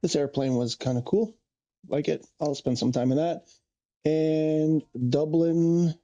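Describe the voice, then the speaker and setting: Man, gravelly mellow voice, rambling stream chatter, dull lo-fi sound. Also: a little high, fairly even intonation, slow. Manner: rambling, thinking aloud, self-correcting. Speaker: game streamer. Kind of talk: casual live-stream chat.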